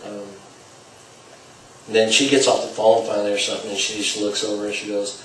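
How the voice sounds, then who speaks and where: A man's voice: lowish voice, flat delivery, brisk, long pauses, slight background noise. A man teaching salespeople through a story, acting out the dialogue with swings in volume. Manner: acts out dialogue with shifting volume. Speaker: sales trainer. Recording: roomy, distant mic, faint ambience.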